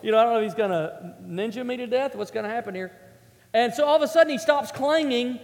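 A man's voice: very high voice, fast. A man preaching a sermon to a congregation, telling a story in a chatty, self-mocking way and asking the audience questions. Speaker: pastor. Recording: echoey hall with long reverb.

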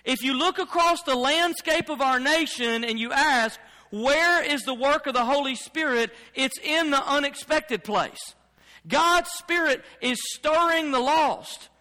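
High, bright-voiced male preacher in a hall. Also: a little slow. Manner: preaching emphatically, with repetitions. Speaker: pastor. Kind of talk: sermon.

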